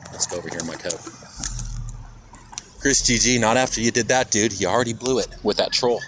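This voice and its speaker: A man's voice: fairly low pitch, fairly quick. Rambling man streaming from noisy street. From Kansas, USA. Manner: rambling, profane, talks straight to chat. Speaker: IRL streamer. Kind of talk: casual live-stream chat while walking. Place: outdoors on city streets. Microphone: handheld phone. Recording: phone stream with loud street noise. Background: traffic and street noise.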